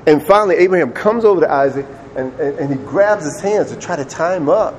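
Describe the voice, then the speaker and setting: A man's voice: on the high side, expressive, a little fast, hardly any pauses, slight background noise. A man preaching a sermon, retelling a story in a conversational way and repeating words when he gets emphatic.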